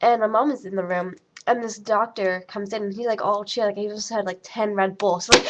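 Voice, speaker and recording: A woman's voice: mid-range voice, steady tone, fairly quick, few pauses, slight background noise. A teenage girl telling a story in a casual vlog, rambling and chatty with lots of fillers and quoted dialogue. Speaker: vlogger. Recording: lo-fi webcam audio.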